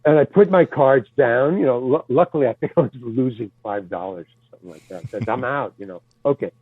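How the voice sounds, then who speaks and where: This older man, a guest actor, talks a little fast in a medium-pitched voice with a breathy edge. His storytelling rambles, full of stuttered restarts and offhand swearing. The sound is thin and phone-like, completely dry.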